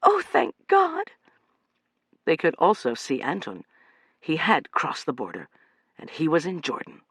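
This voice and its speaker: A man narrating a suspenseful novel as an audiobook, in an expressive, dramatic reading. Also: on the high side, moderate pace, slightly rough, no room sound.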